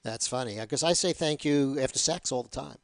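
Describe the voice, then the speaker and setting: A man's voice: medium pitch, brisk, creaky, dry recording. A man hosting an interview, rambling and self-deprecating, often restarting his sentences. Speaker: host. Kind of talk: casual interview chat.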